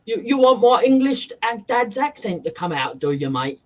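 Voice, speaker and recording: A man's voice: high-pitched, big pitch swings, normal speed. A man dropping in as a guest on a casual live stream, trading easygoing, teasing banter.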